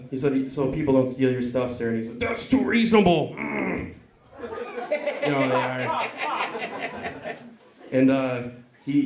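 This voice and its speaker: A man working a stand-up comedy set into a stage mic, profane and punchy, snapping in and out of quick caller voices. The sound is roomy and echoey, with a crowd laughing loudly around him. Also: mid-range voice. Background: audience laughing.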